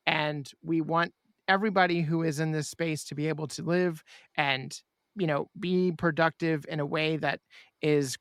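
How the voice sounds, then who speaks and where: A man's voice: fairly high pitch, fairly bright tone, no echo, clean studio sound. A man hosting a podcast, talking in an earnest, enthusiastic way. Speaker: podcast host. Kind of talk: casual chat.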